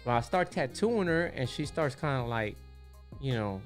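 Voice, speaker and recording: A man tells a story in a loose, streetwise way, with a lot of "you know what I'm saying". His voice sits at an everyday middle pitch, and a little music plays faintly behind him. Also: lively intonation, moderate pace. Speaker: tattoo artist guest. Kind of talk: casual podcast storytelling.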